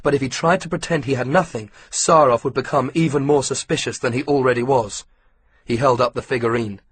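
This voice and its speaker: A man narrating an audiobook in a steady, measured storytelling manner. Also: mid-range voice, a little hiss or hum. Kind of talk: scripted narration.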